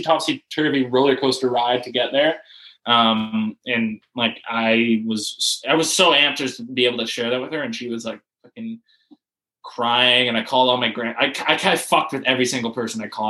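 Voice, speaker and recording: Animated young man with a bright voice. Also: medium pitch, rough recording. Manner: animated, swearing, many "like" fillers, acts out quotes. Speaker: rugby player, guest. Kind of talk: casual storytelling chat.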